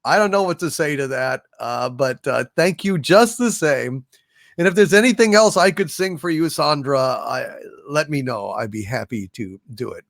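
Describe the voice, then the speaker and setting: Lively, animated male livestream host. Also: on the high side, normal speed, creaky, no room sound, studio quality. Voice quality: playful, self-mocking. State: tired. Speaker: livestream host reading super chats. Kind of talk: casual live-stream chat.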